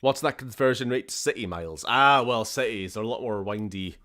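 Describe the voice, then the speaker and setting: A man's voice: on the low side, fairly quick, bright, forceful tone. A man with a Scottish accent chatting casually and swearing while streaming a game. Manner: chatty, swears, laughs often, shifts tone a lot. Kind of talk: casual gameplay commentary.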